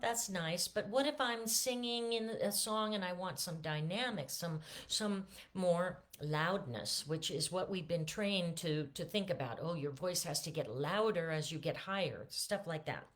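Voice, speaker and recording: Chatty woman voice teacher, not warmed up. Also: fairly low pitch, measured pace, few pauses. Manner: relaxed, chatty, many fillers and restarts. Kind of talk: casual vocal lesson with sung demonstrations.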